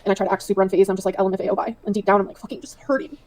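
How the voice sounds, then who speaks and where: A woman's voice: medium pitch, completely flat delivery, very fast, darkish tone, slight background noise. A woman streamer talking casually and reading messages aloud, played from a livestream clip.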